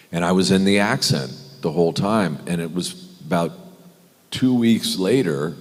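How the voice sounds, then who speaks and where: A middle-aged American man, a guest on a convention panel, telling anecdotes in an animated way, mimicking other people and often laughing. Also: sits low. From United States. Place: large convention hall. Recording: convention hall reverb.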